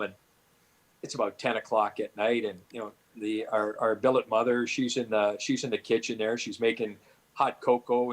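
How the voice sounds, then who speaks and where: A middle-aged man from Canada recalls his playing days in a loose, rambling way. His voice sits at an ordinary pitch, and his stories keep restarting, padded with "you know" fillers. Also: low-quality recording. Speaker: guest, former hockey player. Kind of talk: storytelling interview answers.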